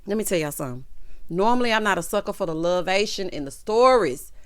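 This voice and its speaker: A woman talks her way through a TV episode recap, sassy and dramatic, and keeps calling her listeners child, honey and baby. Her pitch leaps and dips all over the place. She slips into the characters' lines as she goes. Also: expressive, fast. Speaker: TV recap vlogger.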